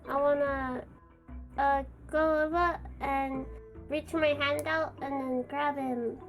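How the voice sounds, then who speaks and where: Hesitant, high-voiced woman player. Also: fairly even intonation, takes it slowly, soft background music. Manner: hesitant, repeats words. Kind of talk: casual tabletop play.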